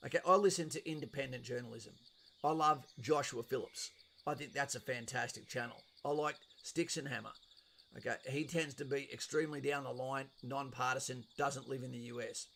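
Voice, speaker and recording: A man's voice: mid-range voice, fairly even intonation, brisk, gravelly, bright, forceful tone. A middle-aged man with an Australian accent hosts a casual live stream, reading out viewers' chat messages and answering them in a blunt, chatty way with casual swearing.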